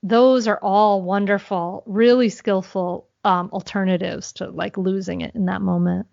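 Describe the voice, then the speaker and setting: A woman answering as a podcast guest, explaining calmly and earnestly, thinking aloud as she goes. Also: mid-range voice, measured pace, gravelly, no room sound, muffled recording. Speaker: guest, mindfulness mentor for parents.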